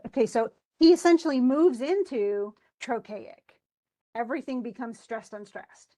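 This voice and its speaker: A woman's voice: a little high, lively intonation, a little fast, gravelly, mellow. A woman English instructor giving a classroom lecture on poetic meter, reading verse aloud with marked stresses and thinking aloud with questions to students. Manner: reads verse aloud with stresses, tapping out rhythm syllables.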